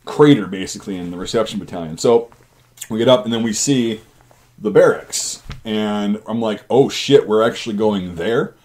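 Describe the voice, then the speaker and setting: A man's voice: fairly low pitch, darkish tone. A man hosting his channel, casually telling army stories in a rambling, profane way. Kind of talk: casual storytelling.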